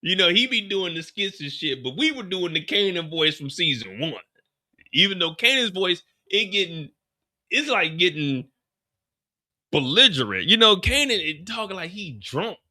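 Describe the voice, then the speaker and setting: A man hosting a casual live recap show, talking animated and profane. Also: high voice, normal speed, dry recording, studio quality. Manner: animated, profane, laughing aside. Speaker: host.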